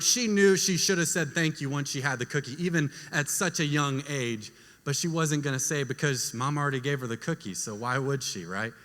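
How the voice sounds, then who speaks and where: A young man tells a story to a group of young adults and slips into voices for the people in it. His voice is bright and sits a little high. Long reverb from a large hall trails after his words. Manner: animated storyteller, acts out family voices. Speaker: youth speaker.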